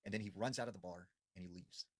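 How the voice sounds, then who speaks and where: Man, deep husky voice, casual spooky storyteller, loud then hushed. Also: fast talker, no room sound. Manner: animated retelling, raises voice for quoted shouts, drops low for eerie parts. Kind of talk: casual spoken ghost story.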